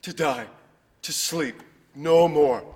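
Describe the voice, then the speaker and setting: An actor playing a brooding young prince, reciting verse in a measured, rhythmic stage delivery. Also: male voice, fairly high pitch, a little mellow, husky, in a large hall. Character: brooding young prince weighing life and death.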